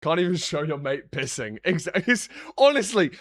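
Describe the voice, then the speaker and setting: A young British man rambling on a live stream, swinging between deadpan sarcasm and excited outbursts. His voice sits high and sounds bright and forward, caught dry and close on the mic. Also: dry recording. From Britain. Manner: joking, sarcastic, quick swings in energy. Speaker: streamer and analyst. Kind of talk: casual live-stream chat.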